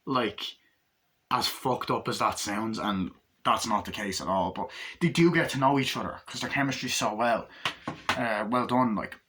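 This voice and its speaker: A man giving a casual movie review, animated, acting out scenes with heavy swearing. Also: fairly low pitch, normal speed, a little hiss or hum.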